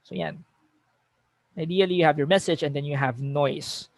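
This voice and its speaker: Filipino male lecturer, fairly high voice, dry booth-like sound, self-correcting conversational delivery. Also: steady tone, moderate pace, vocal fry, no echo. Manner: reads example sentences aloud with shifting emphasis, frequent self-corrections. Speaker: teacher giving a webinar. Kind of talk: conversational lecture mixing English and Tagalog.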